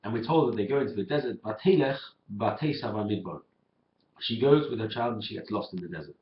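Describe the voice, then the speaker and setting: Fast-talking man teaching weekly Torah portion. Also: on the low side, a little hiss or hum. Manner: animated storyteller, acts out dialogue in quotes. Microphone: webcam. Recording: lo-fi roomy webcam sound.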